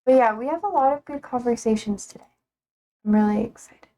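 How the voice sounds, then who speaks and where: Speaking at a fairly high pitch with a brisk, mellow delivery, this young female livestream host chats casually from home. She teases her viewers, calls herself sassy, and laughs a lot.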